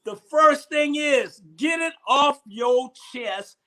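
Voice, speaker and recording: A man's voice: extremely high pitch, takes it slowly, pushed and bright. A man hosting a casual comedy chat, rambling and repeating himself with frequent laughs. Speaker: host.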